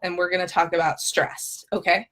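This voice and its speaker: A woman's voice: lowish voice, flat delivery, normal speed, a bit bright. A woman coaching viewers in a live talk, upbeat and chatty, often checking in with "okay?" and acting out her own inner thoughts with drama. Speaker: emotional eating coach.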